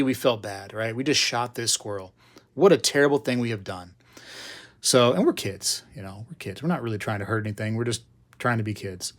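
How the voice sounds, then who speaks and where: A middle-aged man spins a casual, meandering story on a live stream, full of asides and fillers. His voice sits at an ordinary middle pitch and rises loud and high at the exciting moments. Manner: chatty, digressive, lots of fillers and asides. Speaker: host of a live hobby show.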